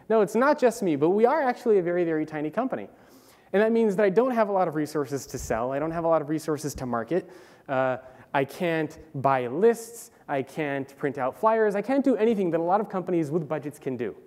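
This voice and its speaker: A young man gives a casual talk at a conference, his voice sitting slightly high. He is animated and keeps stopping to restart with fillers. The sound carries a long reverb from a large hall. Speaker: conference speaker. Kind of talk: conference presentation.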